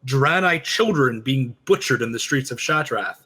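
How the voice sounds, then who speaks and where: A man co-hosting a casual discussion, telling a story with lively quoted lines. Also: mid-range voice, moderate pace, husky. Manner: animated storytelling, quoting characters. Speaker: podcast co-host.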